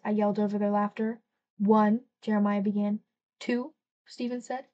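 A woman's voice: mid-range voice, flat delivery, moderate pace, warm tone, lo-fi sound. A woman narrating a first-person novel as an audiobook, reading expressively and lightly acting out the dialogue.

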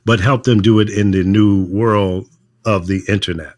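Man, older, low voice, measured talk, casual chat, um and uh. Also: steady tone, darkish tone. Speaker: radio veteran guest.

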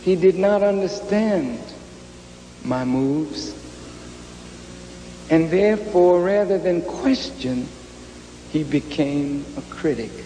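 A male minister giving a measured, solemn address to an audience in a large hall. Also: a little high, expressive, dark tone, a little hiss or hum. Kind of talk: slow formal address to an audience. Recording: echoey hall with faint ambience.

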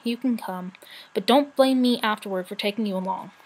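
A woman voicing a young male dragon, earnest and stubborn, speaking quietly and crossly in a storybook reading. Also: mid-range voice, brisk, natural voice, poor audio. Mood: exasperated.

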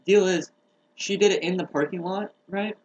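A man chatting casually on a comedy podcast. He tells his story in an animated way and breaks into laughter often. A faint noise sits under the recording. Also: high voice, moderate pace, lo-fi sound. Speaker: podcast co-host.

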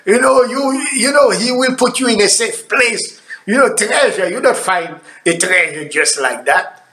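Slow, lively high-voiced preacher man. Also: echoey room. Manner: emphatic preaching with dramatic swings between loud and hushed. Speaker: pastor. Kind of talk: sermon.

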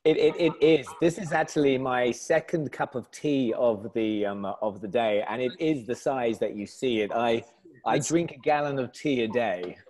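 A chatty man with a southern English accent, talking as an interview guest over a video call. His pitch sits in a normal middle range, and he laughs easily and restarts his sentences as he goes. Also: normal speed, darkish tone. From south of England. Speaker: company founder, guest. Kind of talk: casual interview chat.

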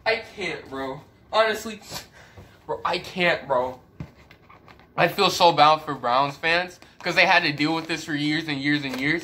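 A man's voice: fairly high pitch, lively intonation, moderate pace, bright, forceful tone, slight background noise. A man talking casually in a comedic vlog rant, profane, sarcastic and self-mocking, with exaggerated, melodramatic frustration. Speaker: sports fan YouTuber.

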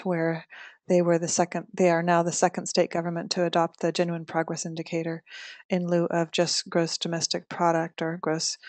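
A woman with a somewhat low, flat voice moderates a talk series, asking a question and then making casual announcements. Her delivery is loose and full of fillers, and the sound is dry with no room echo. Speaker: host of a monthly talk series.

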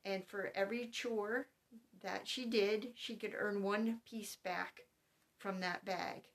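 A middle-aged woman who homeschools her children, calmly and methodically explaining household routines to other parents point by point. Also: medium pitch, slow pace, gravelly. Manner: calm, methodical, spells things out point by point. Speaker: homeschooling mother giving advice. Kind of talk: instructional talk to parents.

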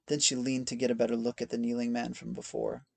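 Male audiobook narrator, measured reading, gravelly voice, dry close mic. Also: medium pitch, monotone, a little mellow, dry recording. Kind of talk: scripted narration.

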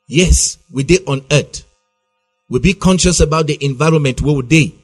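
Gospel radio host. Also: male voice, a little high, normal speed, faint music behind. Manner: encouraging, affirms the guest.

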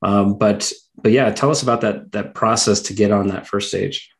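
A man co-hosting a podcast, relaxed and easygoing in casual conversation. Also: on the low side, moderate pace, gravelly. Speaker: podcast co-host.

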